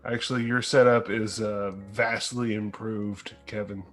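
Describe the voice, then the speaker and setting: A man plays a tabletop game over an online call, speaking in an unhurried, drawn-out way. He sounds thoughtful and easygoing. Soft music sits faintly behind. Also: lowish voice, little pitch movement. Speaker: player. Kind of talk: casual chat during a tabletop game.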